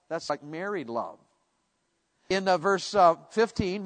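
A male pastor preaching a sermon, animated and jokey, now and then bursting into shouts. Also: a little high, moderate pace. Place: large church hall. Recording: echoey church hall.

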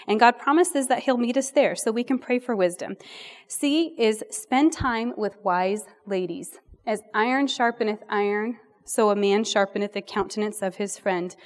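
Brief: middle-aged woman, warm rambling women's ministry speaker, self-deprecating asides, sermon delivery. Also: medium pitch, moderate pace. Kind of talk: sermon-style Bible teaching.

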